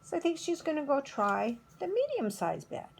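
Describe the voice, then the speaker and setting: A middle-aged woman, a preschool teacher, slowly telling a story to toddlers. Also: sits high, vocal fry, slight background noise. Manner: slow, expressive storytelling.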